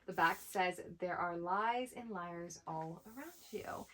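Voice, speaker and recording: A woman with a slightly low voice gushing over her favorite reads in a casual chat. She sounds eager and effusive, piling on praise with plenty of "like" and "super". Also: slow, a bit bright, low-quality recording. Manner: gushing, enthusiastic, filler "like". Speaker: co-host of a twin sisters' book channel. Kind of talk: casual book haul chat.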